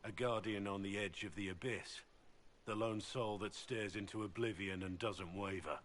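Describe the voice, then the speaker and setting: An actor playing a gruff, solemn older male warrior in a video game, speaking gravely and earnestly. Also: fairly low pitch, fairly even intonation, normal speed, a bit bright, a little hiss or hum, lightly acted. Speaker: game companion character. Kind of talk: voiced game dialogue.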